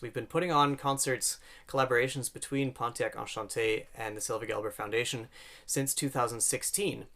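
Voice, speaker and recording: Casual male host from Canada, mid-pitched, talks warmly to camera with ums and asides. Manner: chatty, self-deprecating, with frequent fillers. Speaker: pianist and concert series host. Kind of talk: casual video introduction.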